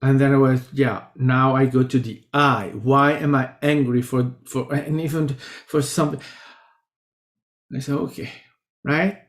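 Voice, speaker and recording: A man with an Italian accent, a spiritual teacher giving a halting, reflective casual monologue full of restarts. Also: on the high side. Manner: halting, many restarts and fillers. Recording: roomy echo.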